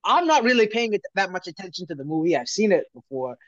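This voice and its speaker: A man co-hosting a podcast tells a story in casual chat. He talks in an animated way, laughs often and restarts his sentences. The recording is dry and a little muffled. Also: high-pitched, fast talker, no echo. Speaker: podcast co-host. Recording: dry, slightly muffled lo-fi audio.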